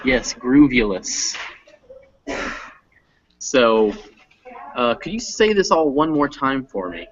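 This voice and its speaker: Slow, patient male reading teacher. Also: mid-range voice, very animated, lo-fi sound, a little hiss or hum. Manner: patient, coaching pronunciation. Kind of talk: online reading lesson.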